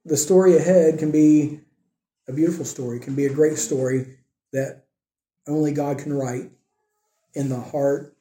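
Preaching earnestly in a slightly high, steady voice, this pastor speaks a little slowly and pauses often. His sermon moves from raised, emphatic points to soft, quiet asides, all in an echoey room.

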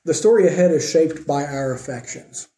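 A man preaching a sermon with earnest emphasis, swinging between raised emphatic points and quiet, soft asides. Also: a little high, moderate pace, roomy sound. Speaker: pastor.

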